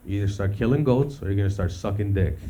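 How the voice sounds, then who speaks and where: A man's voice: on the low side, quick pace, mellow, close to an everyday voice. A male comedian voicing an armed man making threats in the apocalypse. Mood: menacing.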